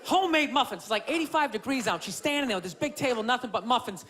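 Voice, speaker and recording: A man's voice: very high voice, animated, fast, a bit bright. A male stand-up comedian, profane and rambling, tossing rhetorical asides to the audience. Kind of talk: stand-up routine. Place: comedy club stage with live audience. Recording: live club audio with crowd noise.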